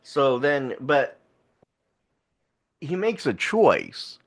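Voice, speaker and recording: A man's voice: medium pitch, big pitch swings, drawn-out words. A man co-hosting a podcast, casually retelling a film plot in a rambling way with laughs. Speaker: podcast co-host. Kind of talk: casual film review chat.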